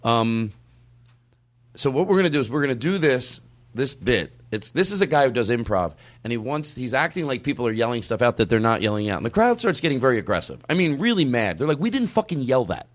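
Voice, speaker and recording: Lively, rambling male podcast host. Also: medium pitch, brisk. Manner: rambling, joking, self-interrupting. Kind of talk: casual studio chat.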